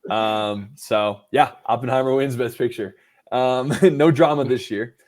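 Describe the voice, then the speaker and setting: A man co-hosting a podcast in casual chat, retelling events in an animated way and acting out what people said. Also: medium pitch, measured pace. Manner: animated storytelling, acting out quotes. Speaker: podcast co-host.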